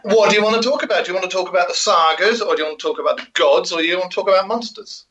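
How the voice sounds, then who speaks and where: A man's voice: high voice, rapid-fire, pushed and bright. A man co-hosting a casual podcast, reading out notes with many ums and joking asides. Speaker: co-host. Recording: muffled lo-fi audio.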